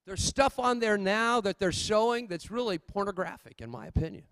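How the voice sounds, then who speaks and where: A male pastor with a notably high voice preaches a sermon at a normal speed, swinging between loud, urgent exhortation and low, quiet asides to the congregation. The sound is dry and close, without room echo.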